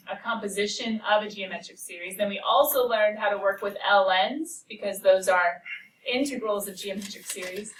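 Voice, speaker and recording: A woman's voice: medium pitch, fairly bright tone, slight background noise. A woman teaching a math class, explaining step by step in a chatty way, recorded in a classroom. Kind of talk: classroom lecture with banter. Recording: roomy classroom audio from far off.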